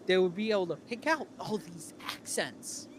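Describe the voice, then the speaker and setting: A man's voice: sits high, lively intonation, normal speed. Rambling New England man, noisy stream. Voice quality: rambling, restarts often. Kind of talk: casual chat. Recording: noisy livestream audio.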